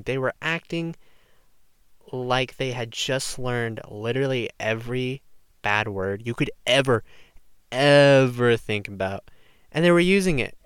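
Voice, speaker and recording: A teenage boy telling a high school story in a casual rant, packed with "like" and sudden mock shouts. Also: clear, resonant tone, no room sound, studio quality. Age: teens. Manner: animated, lots of "like", mimics others with shouts.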